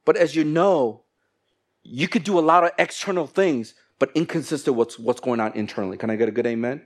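A man preaching a sermon in a church, animated, breaking into little acted exchanges in different voices. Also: medium pitch, brisk. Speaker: pastor.

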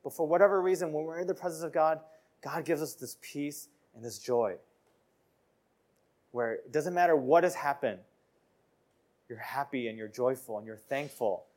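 A man delivering a sermon, his voice sitting a little higher than most men's. He talks earnestly and conversationally, often repeating phrases and stumbling over a word before going on. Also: moderate pace, pauses often, darkish tone. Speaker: preacher.

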